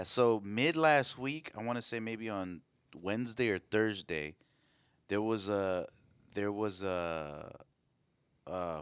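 Man, podcast co-host, smooth voice, dry close sound, relaxed storytelling. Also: lowish voice, no room sound. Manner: laid-back storytelling, swears casually. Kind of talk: casual chat. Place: away from home on a work trip.

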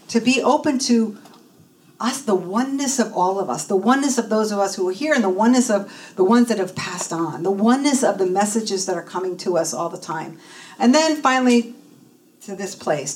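A woman's voice: fairly low pitch, darkish tone. A woman in her fifties giving a personal testimony at church, telling her story and acting out the voices of people she quotes. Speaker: church speaker and minister in training. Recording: voice from a distance in a room, faint noise.

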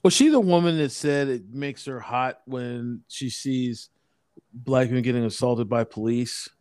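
A man's voice: mid-range voice, measured pace, darkish tone, clean tone, no room sound, studio quality. A man in casual conversation, agreeing with short, profane remarks. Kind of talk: casual chat.

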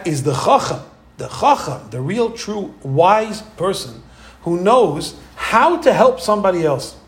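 High-voiced animated male Torah teacher. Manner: animated storyteller acting out quoted voices. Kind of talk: Torah lecture.

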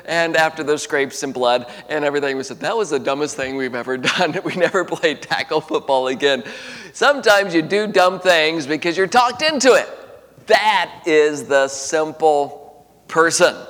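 A man preaching a sermon to young people, animated, swinging between loud emphasis and hushed storytelling. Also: a little high. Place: large auditorium. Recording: long hall reverb.

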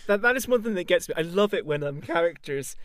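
A man chatting casually on a podcast, animated and giggly, swearing now and then. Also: high-pitched, quick pace, dry recording. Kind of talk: casual chat.

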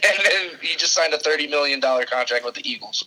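A young man co-hosting a sports podcast, excitable and emphatic, often throwing in "dude" and "man". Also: a little high, fast, rough recording. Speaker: podcast co-host. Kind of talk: casual sports chat.

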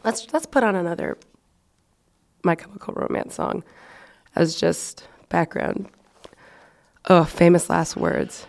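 Young woman, unhurried speech, self-mocking, reading old journal entries, casual laid-back chat. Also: on the low side, gravelly, a little mellow. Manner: self-mocking, laughing, swearing. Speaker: vlogger.

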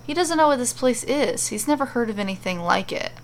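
A woman narrating a storybook tale, reading in an animated, playful way. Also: a little high, a little fast, slight background noise.

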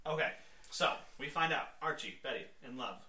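Animated man chatting about comics. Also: mid-range voice, fairly quick. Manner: animated, laughs often, acts out quotes. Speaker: podcast co-host. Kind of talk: casual comic book chat.

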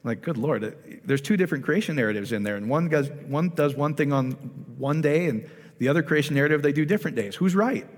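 A man's voice: on the high side, animated, quick pace, in a large hall. A man giving an informal, conversational sermon, often asking the audience questions and stressing his points with emphasis. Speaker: pastor.

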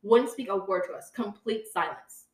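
A woman's voice: medium pitch, moderate pace, crowd noise. A young woman co-hosting a podcast, telling a story casually, with lots of "like", and talking straight to her listeners. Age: young adult. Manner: chatty, says "like" a lot, talks to listeners as "guys". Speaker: podcast co-host. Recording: roomy sound from a distant mic.

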